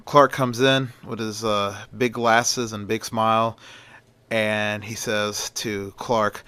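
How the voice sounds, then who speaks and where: A man narrating a homemade adventure story in a casual, rambling manner. His voice is bright and forceful, with a close, dry sound. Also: mid-range voice, steady tone, slow, smooth, no room sound. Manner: rambling, with fillers and restarts.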